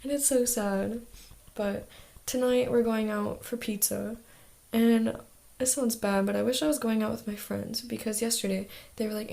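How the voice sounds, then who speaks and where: Chatty teen girl with vocal fry. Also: on the high side, fairly even intonation, moderate pace, hardly any pauses, mellow. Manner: chatty, lots of "like" fillers. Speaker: exchange student vlogger. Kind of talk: casual video diary.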